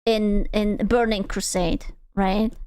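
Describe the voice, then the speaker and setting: Smooth-voiced woman chatting off the cuff. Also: medium pitch, fairly even intonation, takes it slowly, mellow, no room sound, clean studio sound. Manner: rambling, swears freely, playful. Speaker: streamer reacting to a video. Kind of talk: casual reaction chat.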